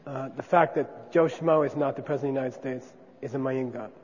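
In a conversational classroom lecture on Buddhist philosophy, a man explains ideas at a fairly quick clip, regularly checking in with an "okay?". His voice is mid-range and a little mellow. The recording sounds dull and lo-fi, with long reverb.

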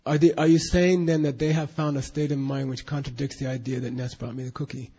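A man's voice: mid-range voice, little pitch movement, a little fast, dark tone, slightly rough. A man teaching a Buddhist class in an emphatic, questioning way, drilling students in recitation, on a dull lo-fi recording.

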